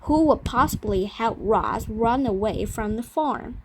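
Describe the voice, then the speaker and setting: A woman reads a children's novel aloud at a slow, careful pace. Her voice sits fairly high, and she often stumbles and corrects herself. Clicks and steady noise run through the recording. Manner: careful reading with frequent stumbles and self-corrections. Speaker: reader.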